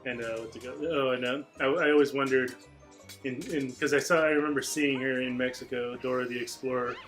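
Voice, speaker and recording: A man co-hosting a casual commentary on a cartoon, talking haltingly with many restarts. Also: mid-range voice, steady tone, a bit bright, faint music behind.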